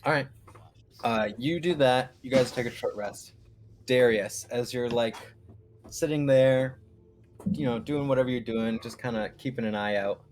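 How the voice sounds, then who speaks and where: A man narrating as game master of a live tabletop game, in a relaxed, loose way. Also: medium pitch, moderate pace, a little hiss or hum.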